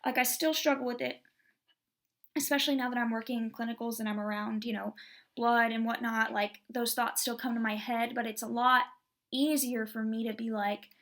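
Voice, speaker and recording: A young woman in her twenties, from Texas, tells a personal story to her vlog camera. Her voice sits a little high and slips into a gravelly fry at the ends of phrases. She talks in a candid, rambling way, packed with "like.". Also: fairly even intonation, normal speed, fairly bright tone. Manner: candid, rambling, heavy use of "like". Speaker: vlogger.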